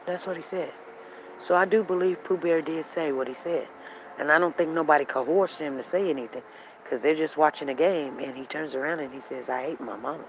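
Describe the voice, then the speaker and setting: A woman hosting a casual show, telling a family story in a repetitive, animated, conversational way while walking outdoors. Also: deep voice, a little fast, slight background noise, poor audio. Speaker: show host. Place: walking outdoors near traffic.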